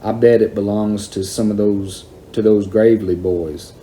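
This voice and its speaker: A man's voice: on the low side, steady tone, normal speed, mellow, a little hiss or hum, natural voice. A man voicing an earnest country boy who talks to his old dog, in a storybook reading. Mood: muttering.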